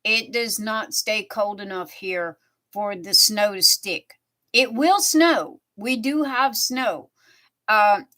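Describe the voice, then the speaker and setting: A woman's voice: mid-range voice, bright, forceful tone. A woman livestreaming from home, chatting casually and rambling through stories while she crafts. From southern United States. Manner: chatty, meandering, drawn-out storytelling. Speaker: live streamer.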